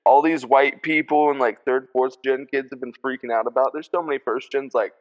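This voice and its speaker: A man's voice: medium pitch, steady tone, a little fast, dull audio. A young man hosting a podcast, chatting casually and bluntly with frequent swearing. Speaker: podcast host. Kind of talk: casual chat.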